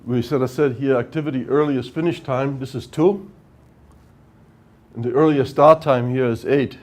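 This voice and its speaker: A man's voice: mid-range voice, steady tone, moderate pace, darkish tone. A man giving a workshop lecture on project management, explaining step by step and often checking with "right?". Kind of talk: technical lecture at whiteboard.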